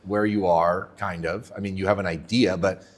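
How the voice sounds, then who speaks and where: A man's voice: low-pitched, steady tone, normal speed. A man hosting a podcast, asking eager follow-up questions and sounding incredulous. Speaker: podcast host. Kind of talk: casual interview chat.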